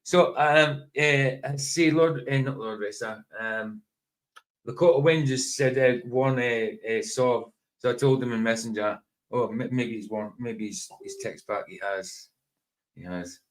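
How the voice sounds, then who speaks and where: A man's voice: medium pitch, unhurried, low-quality recording. A man hosting a casual livestream chat, rambling, often laughing and breaking off mid-sentence. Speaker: livestream host. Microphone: streaming setup.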